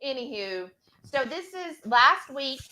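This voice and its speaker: A woman's voice: sits high, expressive, takes it slowly, pushed and bright, slight background noise, rough recording. A woman co-hosting a cooking video from her home kitchen, chatting casually and reading viewer comments. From Texas. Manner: chatty, says "y'all" often. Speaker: cooking channel co-host.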